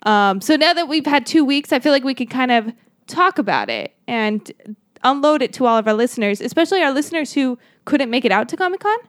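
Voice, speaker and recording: Young female podcast host and game master, higher voice, dry close sound, playful. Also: lively intonation, no echo. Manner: playful, upbeat, quick laughs. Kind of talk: casual podcast chat.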